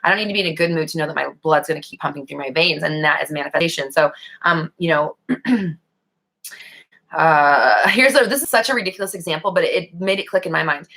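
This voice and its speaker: Bright, forceful woman hosting a casual Q&A. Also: low voice, a little fast. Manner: animated, blunt, swears freely. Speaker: host answering viewer questions. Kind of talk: casual live Q&A chat.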